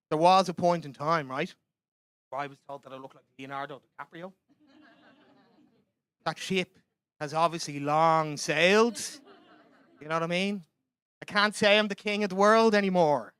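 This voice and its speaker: A man's voice: high voice, sharp tone, clear, resonant tone, no echo. A young Irish man doing a chatty, self-mocking stand-up comedy set in a club. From Ireland.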